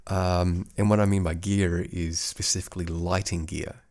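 Podcast host: middle-aged man, faded Australian accent, low gravelly voice, rambling with many restarts, home studio mic. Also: level tone, normal speed, darkish tone. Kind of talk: casual solo podcast monologue. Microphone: studio microphone.

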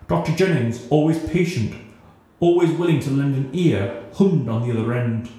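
A man narrating a scripted story in a steady, newsreader-like reading, in a very echoey room. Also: medium pitch, normal speed.

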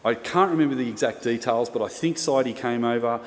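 Aussie bloke preaching, chatty and jokey, voice rings out in a big hall. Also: male voice, mid-range voice, a little fast. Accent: Australian. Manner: casual, chatty, self-mocking humour. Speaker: pastor. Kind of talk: storytelling sermon. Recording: reverberant hall, faint room noise.

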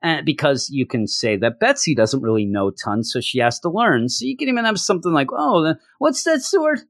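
A man casually reviewing a comic, joking and acting out characters' lines in quick voices. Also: mid-range voice, no echo, studio quality. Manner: animated, jokey, acts out characters in quick voices. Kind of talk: casual solo review chat.

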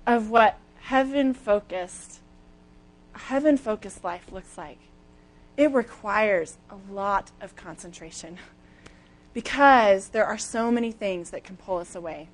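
A young woman giving a sermon as a lively, chatty personal story, with casual fillers and easy laughs. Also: mid-range voice, slow. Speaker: speaker at a church talk.

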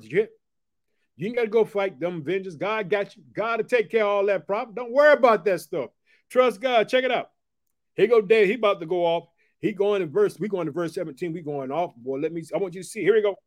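High-voiced emphatic man preaching. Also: expressive, quick pace. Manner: emphatic, repeats catchphrases; swings between loud declarations and hushed asides. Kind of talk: informal devotional Bible teaching.

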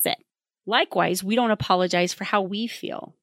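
A mother giving parenting advice in a candid monologue, brisk and emphatic with a wry, plainspoken humor. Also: mid-range voice, fairly bright tone, dry recording. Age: adult with children.

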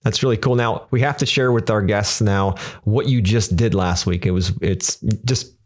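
A man's voice: lowish voice, normal speed, a little hiss or hum. A man hosting a casual interview, encouraging his guest with enthusiasm. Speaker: host.

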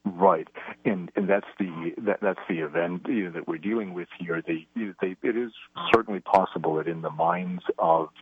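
A man's voice: low-pitched, normal speed, breathy edge, no echo. A man giving analysis as an interview guest, talking hesitantly with lots of fillers and restarts. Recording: tinny phone line.

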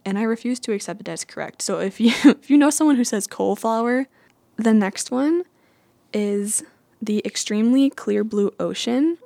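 Chatty woman with vocal fry. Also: mid-range voice, a little mellow, no room sound. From United States. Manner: chatty, playful and self-mocking. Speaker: vlogger. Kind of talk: casual chat.

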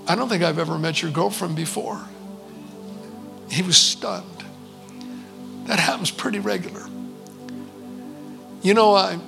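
Gravelly-voiced man preaching a testimony. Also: high-pitched, a bit bright, poor audio. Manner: earnest storyteller, conversational with quoted dialogue. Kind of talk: sermon testimony storytelling.

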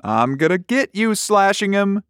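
A man voicing a weary, protective father who talks in a folksy, slightly gruff drawl. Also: medium pitch, big pitch swings, unhurried, no room sound, clean studio sound. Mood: hollering. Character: weary protective father chasing his son.

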